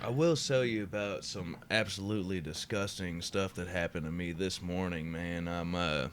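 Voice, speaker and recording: A man's voice: low-pitched, normal speed, a little hiss or hum. A man co-hosting a podcast, telling a story in a laid-back, profane way and saying "dude" and "bro" often. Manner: laid-back, swears freely, says "dude" and "bro" a lot. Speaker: podcast co-host. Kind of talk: casual storytelling chat.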